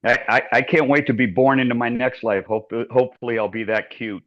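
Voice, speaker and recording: A man telling a lively story in a class discussion, often restarting and acting out quotes. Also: medium pitch, brisk. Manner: animated, self-interrupting storyteller. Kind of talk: casual storytelling. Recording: muffled lo-fi audio.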